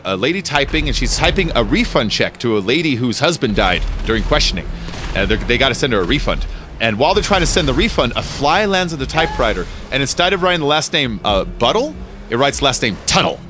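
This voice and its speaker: A man's voice: medium pitch, big pitch swings, a little fast, pushed and bright, slight background noise. A man hosting a game stream, chatting casually and joking, rambling and swearing freely. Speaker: streamer and host.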